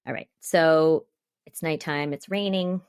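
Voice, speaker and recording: Woman podcast host recapping a show, low gravelly voice, chatty, laughs a lot. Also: fairly even intonation, measured pace, a little mellow. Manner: reads quotes from notes, chatty, laughs often. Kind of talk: casual chat, recapping a TV episode.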